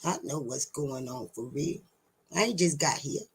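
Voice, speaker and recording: Her voice is very deep and breathy, with lively intonation at a normal speed. Posing as a teacher, she delivers an emphatic, preachy talk to the camera, swearing, repeating words for emphasis, and taunting viewers with rhetorical questions.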